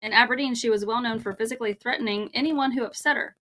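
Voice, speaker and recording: A woman reads an article aloud on a casual chat podcast, stumbling over the words and giggling as she goes. Her voice sits a little high and has a bright, sharp edge. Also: quick pace. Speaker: podcast co-host.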